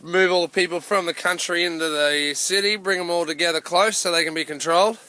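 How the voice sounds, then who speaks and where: A man's voice: sits high, fairly even intonation, brisk, pushed and bright. An Australian man giving a blunt, passionate rant to camera outdoors, calling everyone "mate". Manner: blunt, repeats "mate" constantly. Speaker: activist vlogger. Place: outdoors near a coal mine.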